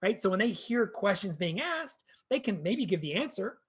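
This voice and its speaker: A man presenting a real estate training session in an energetic, conversational way, speaking to a co-host and the viewers. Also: high-pitched, normal speed, husky.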